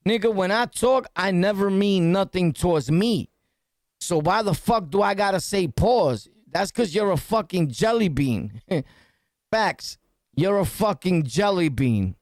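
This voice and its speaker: A man with a New York City accent, hosting a podcast and reacting to news clips in loud, profane, laughing street talk. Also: high voice, lively intonation, unhurried, no echo, clean studio sound. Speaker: podcast host.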